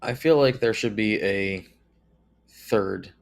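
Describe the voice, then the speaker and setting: A man who is a guest expert on a tech livestream, talking in a measured way with many "uh"s and "um"s. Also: on the low side, creaky. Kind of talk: casual livestream chat.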